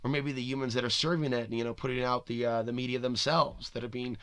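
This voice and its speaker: A man's voice: medium pitch, fairly even intonation, quick pace, fairly bright tone, clean tone, dry recording. A man hosting a podcast, talking in a rambling, speculative monologue full of "you know" and restarts. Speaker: podcast host. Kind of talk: spoken monologue.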